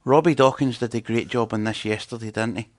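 A man's voice: medium pitch, steady tone, brisk, dry recording, studio quality. A man preaching in a conversational teaching style, chatting and putting questions to his audience.

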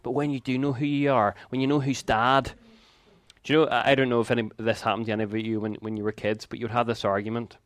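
A man in his fifties preaching a sermon, telling a personal story in an earnest way with quick laughs and asides. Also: mid-range voice, little pitch movement, no room sound.

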